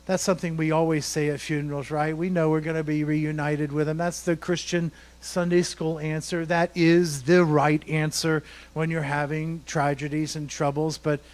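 A man's voice: a little high, a little mellow. A male pastor preaching a sermon, emphatic and repeating words for stress, asking rhetorical questions.

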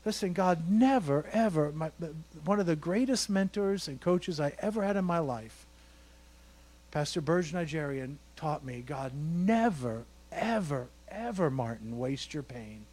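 A man's voice: fairly high pitch, lively intonation, unhurried, darkish tone. A male pastor preaching a sermon, emphatic and repeating words for stress, asking rhetorical questions.

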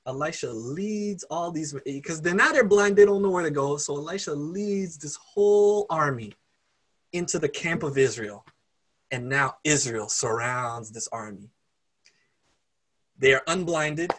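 A man preaching, retelling a story in an animated, conversational way. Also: on the high side, a little slow. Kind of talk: sermon storytelling.

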